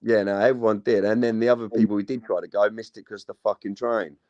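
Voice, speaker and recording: A man's voice: on the low side, steady tone, fast talker, darkish tone, lo-fi sound. A young man, chatting casually about football on a panel. He rambles, swears a lot and drops plenty of slang.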